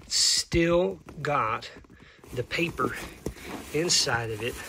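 A man vlogging as a reseller, unboxing items in excited, halting casual commentary that sometimes drops to a whisper. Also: medium pitch, creaky, very noisy.

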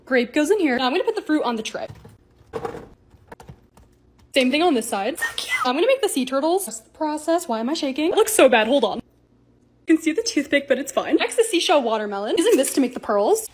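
A woman's voice: high-pitched, very animated, brisk, slight background noise. A young woman narrating her lifestyle vlog in a casual, bubbly, gushing way. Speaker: lifestyle vlogger.

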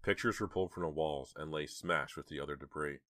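A man narrating a horror audiobook in a steady, measured way. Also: very deep voice, no room sound, clean studio sound.

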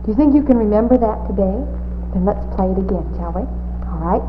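A woman hosting a children's TV show, talking slowly and coaxingly to small children in a sing-song way, with many little questions. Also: medium pitch. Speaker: children's TV hostess. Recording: tinny, hissy 1950s TV audio.

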